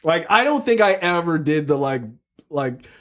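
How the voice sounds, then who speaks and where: A man in his thirties chats on a podcast, telling stories full of swearing and voiced-out quotes. His voice sits high and leaps around with animation. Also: moderate pace. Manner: animated storyteller, acts out quotes with profanity. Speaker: podcast co-host. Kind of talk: casual chat.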